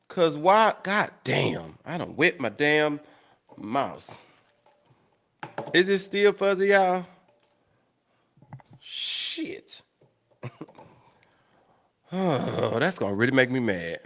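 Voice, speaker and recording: A young livestream host chats casually with viewers, his slightly high voice very animated but extremely slow, with frequent pauses. Blunt and profane, he loudly vents his exasperation at tech trouble.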